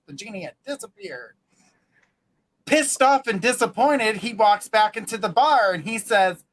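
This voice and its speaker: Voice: mid-range voice, lively intonation, measured pace, fairly bright tone, low-quality recording. A host telling a joke and signing off a live talk show in an upbeat way, often saying "guys".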